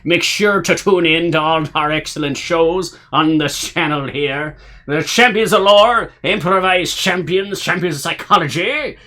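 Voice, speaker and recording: A man's voice: fairly high pitch, unhurried, pushed and bright, pitched above the performer's own voice. A man putting on a hearty male pirate voice for a hammy live stream sign-off. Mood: boisterous.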